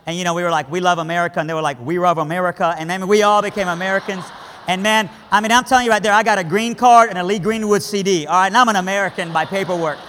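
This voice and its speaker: A man from Iran telling a dramatic story to a crowd, swinging between hushed lines and impassioned cries. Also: high voice, racing. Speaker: speaker. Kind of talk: storytelling sermon. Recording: hall reverb.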